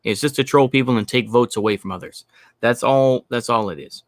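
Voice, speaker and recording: A man's voice: mid-range voice, fairly quick, no room sound, clean studio sound. A man hosting a stream, ranting bluntly and profanely in commentary, repeating his points. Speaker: stream host.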